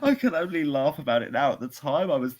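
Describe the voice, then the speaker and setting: With a voice on the high side, very animated and brisk, a podcast co-host tells a rambling story in a casual chat. He laughs and restarts along the way.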